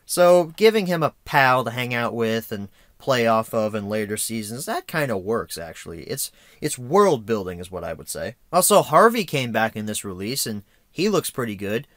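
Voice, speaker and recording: A man's voice: mid-range voice, very animated, normal speed, few pauses, a bit bright, dry recording, studio quality. A young American man giving an unscripted, rambling video review with sarcastic, self-mocking asides. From United States.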